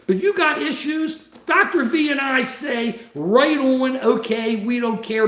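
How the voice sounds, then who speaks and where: A man's voice: high voice, creaky, fairly bright tone, echoey room. A man hosting a casual livestream, talking in a worked-up way and reading out viewer comments. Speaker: livestream host.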